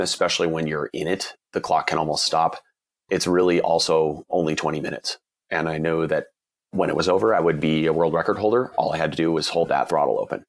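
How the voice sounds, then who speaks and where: A man in his forties, an endurance cyclist, giving candid, earnest interview answers, slightly husky from a cold. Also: rumbling low, fairly quick. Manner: earnest, candid, with frequent restarts.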